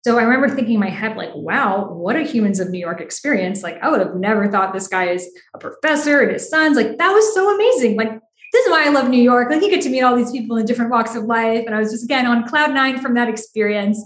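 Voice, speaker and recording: A woman's voice: a little high, animated, quick pace, roomy sound. A young woman telling a personal story in a chatty way, full of "like", acting out the dialogue. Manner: chatty, lots of "like", acts out dialogue.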